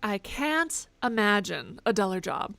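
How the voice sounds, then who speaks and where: A woman's voice: medium pitch, big pitch swings, measured pace, vocal fry, fairly bright tone, no room sound, soft background music, exaggerated voice. A woman reading a sardonic smuggler in a game. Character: shady sardonic male warehouse smuggler.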